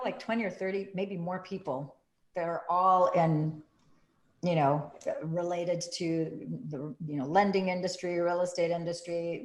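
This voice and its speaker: A woman telling a story in a casual way, acting out the quotes with big jumps in pitch. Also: a little mellow. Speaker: group participant sharing a story. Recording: roomy echo.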